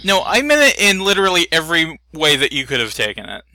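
Bright-voiced man telling a story. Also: fairly high pitch, quick pace, no echo. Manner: animated storyteller, many fillers. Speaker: podcast co-host. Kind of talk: casual chat.

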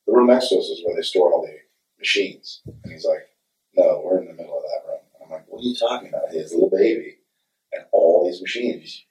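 Middle-aged man, lowish voice, candid rambling panel guest, roomy distant sound. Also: a little mellow. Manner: candid, rambling, laughs readily. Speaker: actor and director at a fan convention panel. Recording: echoey hall, distant mic.

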